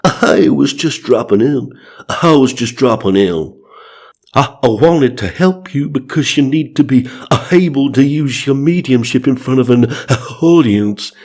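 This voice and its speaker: A man's voice: medium pitch, lively intonation, a little slow, a little mellow, voice pushed up. A man voicing a goofy male celebrity ghost with hiccuping "aha" tics. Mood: chirpy.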